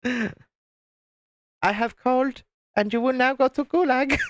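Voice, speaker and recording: A man's voice: very high-pitched, unhurried, a little hiss or hum. A man voicing a stern female communist schoolteacher, mock-stern and commanding. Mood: menacing.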